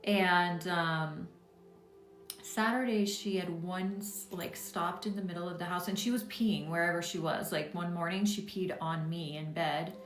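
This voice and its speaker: A woman's voice: on the low side, steady tone, a little slow, echoey room, faint music behind. A woman hosting a witchcraft livestream, telling a story in a rambling, casual way with many fillers and restarts. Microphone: phone or webcam on a live stream.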